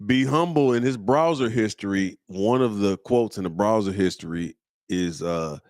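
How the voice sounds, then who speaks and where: A man's voice: fairly low pitch, darkish tone, no room sound, clean studio sound. A man hosting his own comedy show, roasting viewers' comments in loose slang and breaking into laughter. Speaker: comedian host.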